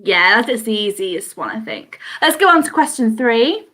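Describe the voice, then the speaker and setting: A woman's voice: a little high, very animated, normal speed, a bit bright. A woman hosting a live online quiz from home, chatty and giggly, reading out answers in a sing-song lilt over a video call mic. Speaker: quiz host.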